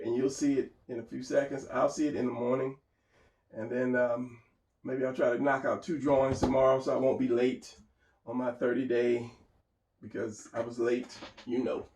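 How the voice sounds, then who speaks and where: A man's voice: mid-range voice, a little mellow, echoey room, recorded from a distance, low-quality recording. A man thinking aloud as he talks through his drawing, casual and rambling. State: tired, hiccuping and yawning. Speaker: artist narrating a drawing session.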